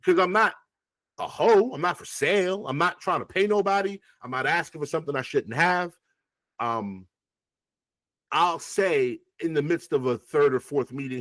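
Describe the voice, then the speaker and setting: Here a rapper spins casual anecdotes in an interview, cursing often and playing out past exchanges with lots of animation. The voice is a little high at a moderate pace, recorded without room sound.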